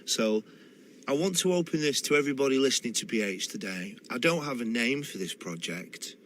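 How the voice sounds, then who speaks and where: A man with a Manchester accent speaks in an unhurried, reflective way, a guest in a radio studio recalling family stories. His voice sits at an ordinary middle pitch, and he often circles back and restarts his sentences. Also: animated, a bit bright, a little hiss or hum. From Manchester, England. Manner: thoughtful, with hesitant restarts. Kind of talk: reflective storytelling in a radio interview.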